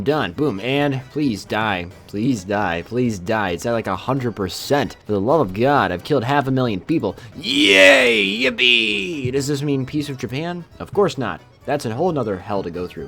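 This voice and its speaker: A man giving casual, sarcastic let's-play commentary while playing a strategy game. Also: medium pitch. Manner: sarcastic, playful, exclaiming. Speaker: gaming YouTuber.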